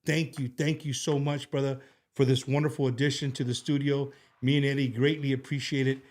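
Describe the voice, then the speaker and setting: A man's voice: medium pitch, level tone, fairly quick, a little mellow. Rambling, heartfelt man hosting a talk show. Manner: rambling, heartfelt, with many restarts and fillers. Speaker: show host. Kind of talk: casual talk-show chat. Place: studio.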